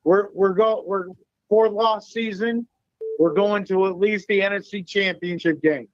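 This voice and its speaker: Male caller, high voice, confident, muffled line. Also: steady tone, measured pace, no echo.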